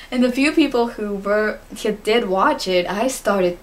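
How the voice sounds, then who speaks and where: A teenage girl talks straight into her camera for a casual vlog. She is chatty and gushing, with lots of fillers and quick giggles, at an ordinary mid-range pitch for a woman. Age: teens. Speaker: fan answering interview questions.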